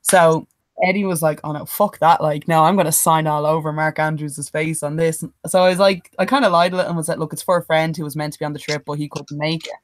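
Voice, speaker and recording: In a studio-quality recording with no room sound, a young Irish podcast co-host tells an expletive-filled anecdote in a low, quick voice. She performs others' words in quotes, keeping the storytelling chat lively.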